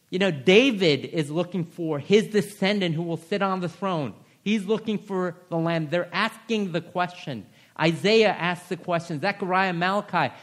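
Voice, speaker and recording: A man preaching a sermon in a church, his voice pitched a little on the high side. He lifts his voice to press home his points, then falls to a hushed, gentle tone for words of comfort before leading a prayer. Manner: rises in pitch to stress points, drops to a hushed, soft voice for God's reassuring words. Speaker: pastor. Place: church sanctuary.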